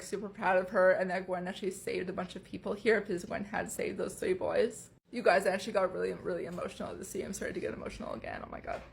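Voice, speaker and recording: A young woman casually recapping a horror movie's ending, swearing often and getting emotional. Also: mid-range voice.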